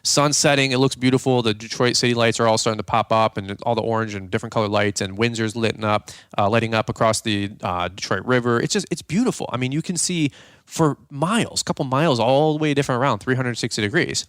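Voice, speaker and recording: A young man hosting a podcast, telling a funny story in a casual, animated way and acting out the voices of the people in it. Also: medium pitch, fast, no room sound, studio quality. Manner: animated, jokey, acts out quoted voices. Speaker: podcast host.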